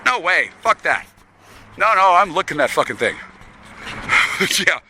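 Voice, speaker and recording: Guy walking down a street swearing a lot, kinda high voice, loud traffic behind him. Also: sing-song, slow. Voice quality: profane, rambling, talks to an unseen listener as sweetie. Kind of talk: rambling monologue while walking. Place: outdoors on a town street.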